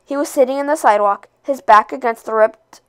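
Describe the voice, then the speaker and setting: A woman reading a novel aloud, expressive, with occasional slips and rereads. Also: high-pitched, a little fast, clear, resonant tone. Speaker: read-aloud narrator.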